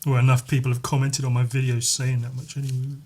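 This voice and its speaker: A man hosting a solo podcast, rambling in casual chat, swearing freely and filling pauses with "like" and "um". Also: medium pitch, little pitch movement, darkish tone. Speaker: podcast host.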